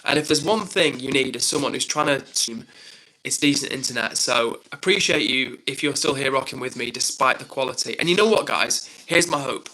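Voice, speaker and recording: A man's voice: medium pitch, brisk, sharp tone, rough recording. A young man hosting his own live stream, chatting casually and reading out viewer comments in an upbeat, self-deprecating way.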